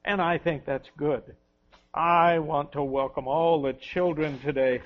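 A man giving a children's sermon, telling a story gently to the children. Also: on the high side, steady tone, a little slow. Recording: dull lo-fi recording.

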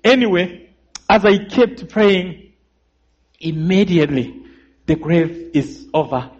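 A man giving a sermon testimony, telling his story dramatically and calling for amens, his voice dropping low and rising again. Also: lively intonation, takes it slowly, breathy edge. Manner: dramatic storyteller, calls for amens, swings between loud and hushed. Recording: muffled lo-fi recording.

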